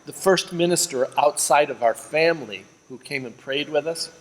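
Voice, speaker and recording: A father and church leader giving a steady, earnest faith testimony in an interview. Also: on the high side, moderate pace. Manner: steady, earnest, drops quiet on emotional lines. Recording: echoing reverb with faint ambient hiss.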